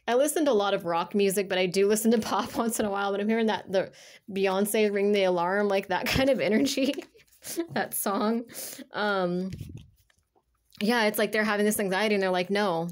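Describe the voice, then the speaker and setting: Woman tarot reader, mid-pitched, casual and rambling, leans on filler words. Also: moderate pace.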